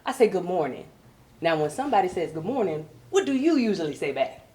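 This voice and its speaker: A woman from Virginia with a Southern accent performing a brassy, animated stand-up comedy set. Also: fast, roomy sound. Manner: brassy, animated, puts on high posh voices for coworkers.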